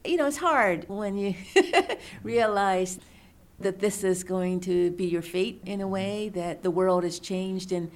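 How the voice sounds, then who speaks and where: A middle-aged woman, an author and researcher, answering interview questions in a thoughtful, measured storytelling manner. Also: mid-range voice.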